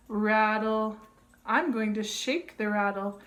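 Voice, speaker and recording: A woman's voice: mid-range voice, fairly bright tone. A woman modeling a board book read-aloud for toddlers, with gasps and playful sound effects, and explaining tips to parents. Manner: slow, exaggerated and sing-song, with gasps and sound effects. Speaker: early childhood educator.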